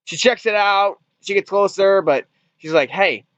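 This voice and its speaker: A man's voice: high-pitched, moderate pace, a bit bright, no echo. A man casually retelling a movie's plot as a reviewer, rambling with restarts and swearing freely. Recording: dull lo-fi dry recording.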